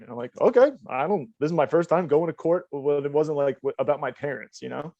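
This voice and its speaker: A young man swaps rambling, profane stories on a casual podcast, laughing as he talks. His voice is mellow and dark, a little high for a man. The recording is dry and muffled, with a dull lo-fi sound. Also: fast, no echo. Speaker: podcast co-host. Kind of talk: casual storytelling.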